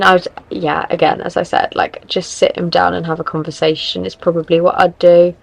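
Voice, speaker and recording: A woman's voice: lowish voice, low-quality recording. A young woman hosting a podcast, chatting casually as she gives relationship advice, rambling and correcting herself as she goes. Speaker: podcast host.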